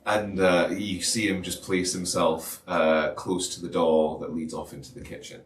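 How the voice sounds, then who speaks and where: A Scottish man running a tabletop game as dungeon master, relaxed and jokey, sometimes dropping to a hushed conspiring tone. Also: sits low, normal speed. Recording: roomy and distant with faint noise.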